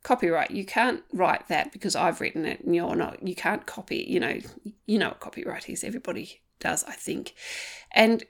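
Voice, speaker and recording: A woman, a writer talking as a guest in a casual interview, animated and self-deprecating. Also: fairly low pitch, fairly quick, vocal fry.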